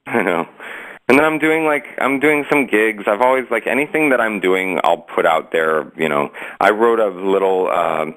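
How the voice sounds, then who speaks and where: A low-pitched man from south Florida talks as an interview guest. His speech rambles, with plenty of fillers and false starts, in an easygoing conversational manner. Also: moderate pace, fairly bright tone, rough recording. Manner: rambling, with many fillers and restarts. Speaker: guest, stage actor and musician. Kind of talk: casual interview chat.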